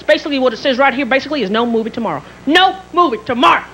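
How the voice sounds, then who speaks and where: A woman in her thirties doing a stand-up comedy routine on a theater stage, telling stories in an animated way and acting out other people. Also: high-pitched, rapid-fire, few pauses, lo-fi sound, slight background noise. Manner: animated storytelling, acting out characters. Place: theater stage before a live audience. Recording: 1990s TV broadcast with loud crowd.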